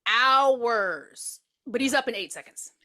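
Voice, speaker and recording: A woman co-hosting a podcast, excitedly retelling a movie in casual chat, joking and incredulous. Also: on the high side, fairly quick. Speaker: podcast co-host.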